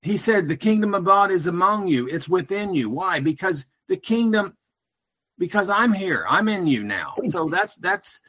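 Earnest male caller, slightly high voice, halting phone-in delivery. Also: animated, bright, forceful tone. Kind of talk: casual call-in chat.

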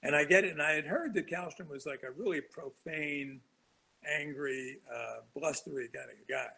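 This casual storytelling interview features a man, an author, guesting on a talk show with meandering stories full of restarts and chuckles. He speaks at a moderate pace in a higher register, with vocal fry and a sharp tone, over poor audio.

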